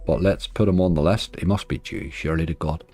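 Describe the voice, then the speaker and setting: Male streamer, very low voice, easygoing chat with viewers, soft slot music behind. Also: fairly quick. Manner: chatty, answers viewers' chat comments. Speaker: slots streamer. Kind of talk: casual livestream chat.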